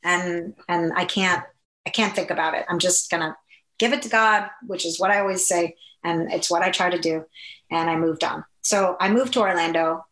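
A woman's voice: lowish voice, fairly even intonation, a bit bright. Earnest woman telling her story, echoey. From Upper Midwest US. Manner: earnest and emotional, halting restarts. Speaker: guest. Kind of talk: personal storytelling interview.

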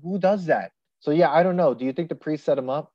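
A man co-hosting a casual movie podcast, animated and laughing, often acting out lines from the film. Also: fairly high pitch, fast talker, lo-fi sound. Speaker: podcast co-host.

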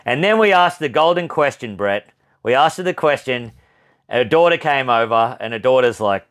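A man's voice: medium pitch, a little fast, a bit bright. A young Australian man spinning a yarn on a casual podcast. He rambles through the story with plenty of fillers, swears freely and laughs at his own jokes, in a plain mid-range voice. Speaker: podcast co-host.

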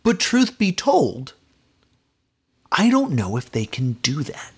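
Speaking slowly in a husky, fairly high voice, a man rambles through a casual solo podcast film review, his pitch swinging widely. He vents with lots of fillers, sounding exasperated instead of relaxed.

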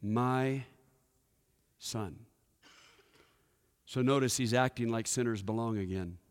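A pastor giving a sermon, telling a story and putting questions to the congregation. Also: male voice, mid-range voice, a little fast. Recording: echoey hall with long reverb.

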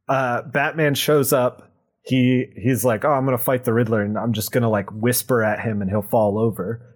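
A young man recapping a comic book on a podcast, animated and sarcastic, laughing often. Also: medium pitch. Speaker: podcast co-host.

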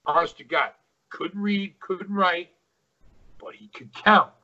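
A man's voice: sits high, slow pace, pushed and bright, dull audio. A middle-aged man, a retired pro wrestler, telling stories as an interview guest, rambling with many fillers. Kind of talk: casual interview storytelling.

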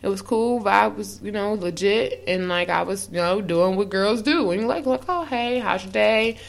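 Young woman co-host, animated storyteller, frank, at an ordinary pitch. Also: moderate pace, creaky. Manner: animated storytelling, acts out quotes; frank, swears freely. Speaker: podcast co-host. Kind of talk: casual chat.

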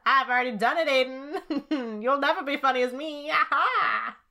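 A woman's voice: sits high, normal speed, gravelly, pushed and bright, pitched above the performer's own voice, full character voice. A woman putting on the voice of a male comedian who taunts and mocks her friend. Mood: taunting.

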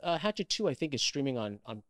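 A man's voice: medium pitch, very animated, quick pace, dry recording, studio quality. A man, an actor, chatting as an interview guest, telling stories animatedly with many restarts. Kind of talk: casual interview chat.

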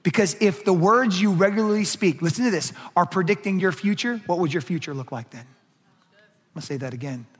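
Emphatic high-voiced pastor preaching. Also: male voice, a little fast, husky. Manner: emphatic preaching, swings from hushed to raised. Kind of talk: sermon. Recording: long hall reverb.

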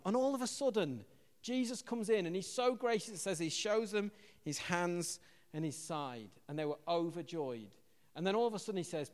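An English man preaching a sermon as pastor, an animated storyteller who acts out quotes loudly. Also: a little high, normal speed, big-room sound. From England.

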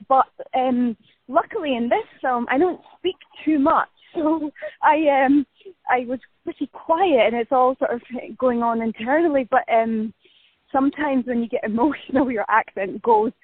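A woman actress chatting in a casual remote interview, bubbly and quick to laugh, talking while walking outdoors. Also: high voice, no echo. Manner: bubbly, laughs often, self-deprecating. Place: outdoors walking past a building site. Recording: tinny phone-line audio, dry.

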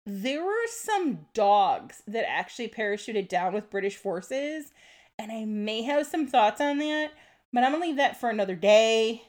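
Female podcast co-host, casual and giggly, animated delivery, slightly high voice. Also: measured pace. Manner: laughs often, explains facts. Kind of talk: casual history chat.

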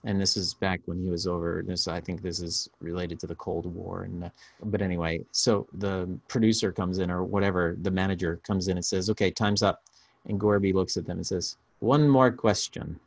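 Man, podcast host, low-pitched, casual storytelling, dry mic. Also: brisk, gravelly, dry recording. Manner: storytelling, animated, restarts often.

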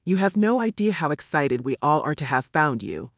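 A man reading a calm man in a mirror. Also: a little high, normal speed, gravelly, no echo, clean studio sound, exaggerated voice. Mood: reassuring.

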